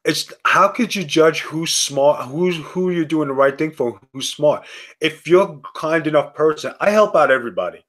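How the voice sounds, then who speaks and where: A man's voice: moderate pace, fairly bright tone. Emphatic man telling stories. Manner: storytelling, acts out quoted dialogue; emphatic, jumps in pitch when stressing a point. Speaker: guest. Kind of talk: casual podcast conversation.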